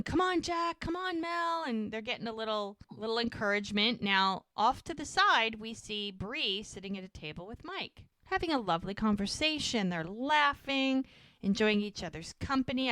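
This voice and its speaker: A woman's voice: mid-range voice, fairly bright tone, clear, resonant tone, no echo. A woman podcast co-host chattily recapping a TV episode, full of "like" and "he's like". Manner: chatty storytelling, frequent "like" and "he's like".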